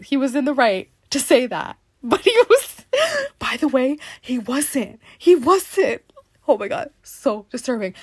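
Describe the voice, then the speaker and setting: A woman's voice: on the high side, darkish tone, no echo, clean studio sound. A young woman hosting a podcast, telling stories in a rambling, dramatic way and laughing often. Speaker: podcast host. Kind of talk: casual podcast monologue.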